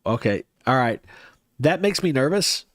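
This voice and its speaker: A man's voice: mid-range voice, very animated, a little slow, a bit bright, dry recording, clean studio sound. Rambling man chatting on a livestream. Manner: rambling, hesitant, frequent restarts. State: stuffy nose. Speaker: livestream host. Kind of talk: casual livestream chat with viewers.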